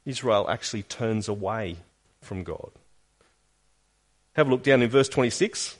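Man, pastor, sermon, earnest, questioning, swings between emphatic and hushed. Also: on the low side, measured pace. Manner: earnest, questioning, with emphatic rises and quiet drops.

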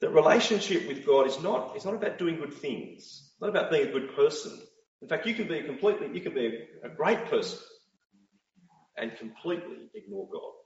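A man's voice: on the high side, lively intonation, fast talker. A middle-aged man preaching a sermon, emphatic and full of rhetorical questions. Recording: roomy, distant, dull sound.

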